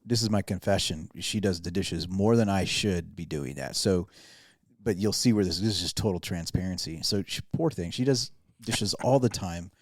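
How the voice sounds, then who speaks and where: A man's voice: deep voice, normal speed, no echo, clean studio sound. A man, a pastor and podcast host, telling a self-deprecating story in casual chat with lots of restarts.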